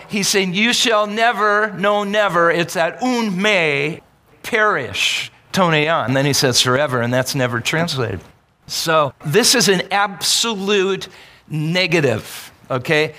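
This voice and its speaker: A male pastor preaches with a high, ringing voice, pressing his points and prompting the congregation to answer. The sermon carries a long reverb, as if recorded in a large church sanctuary. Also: bright, forceful tone. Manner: emphatic, calls on the congregation to answer.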